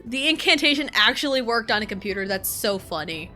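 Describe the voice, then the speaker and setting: Woman streamer, casual rambling gamer chat, swears freely, bright voice, wide pitch swings. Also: animated, brisk, soft background music. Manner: rambling, swears a lot and rants in bursts of frustration. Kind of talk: casual live-stream chat while gaming.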